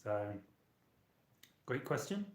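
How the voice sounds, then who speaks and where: Speaking slowly but in a very animated way, this UK channeler and live-stream host has a medium-pitched, slightly mellow voice. He rambles casually to his viewers from a small hotel room, where the recording picks up a roomy echo and a bit of hiss or hum.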